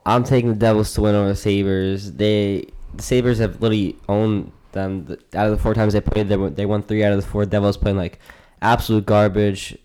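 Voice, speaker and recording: Man, low voice, podcast co-host, earnest casual sports talk. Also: flat delivery, a little fast, few pauses, a little mellow, clear, resonant tone. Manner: earnest, repeats himself, stammers. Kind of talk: casual sports betting chat.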